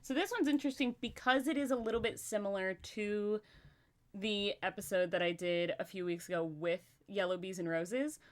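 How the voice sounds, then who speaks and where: A woman's voice: mid-range voice, fairly even intonation, normal speed. Chatty woman hosting a livestream. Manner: chatty, laughs often, talks to herself. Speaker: livestream host. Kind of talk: casual chat.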